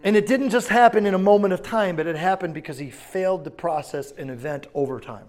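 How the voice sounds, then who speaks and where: A male pastor delivers a sermon in a church sanctuary, his voice sitting a little high for a man. He swings between low, confiding asides and loud, emphatic climaxes, pressing his points on the congregation. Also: brisk. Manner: rising to loud emphatic preaching, then dropping low.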